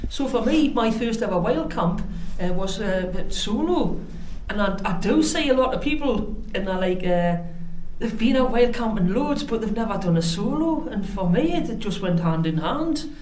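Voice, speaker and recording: A woman's voice: medium pitch, expressive, moderate pace, a little mellow, echoey room, slight background noise, poor audio. A middle-aged woman with a Geordie accent, chatting to camera in a rambling, self-mocking way while wild camping. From North East England. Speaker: outdoor vlogger. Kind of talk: casual chat to camera. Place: outdoors and in a concrete bunker on a windy hill.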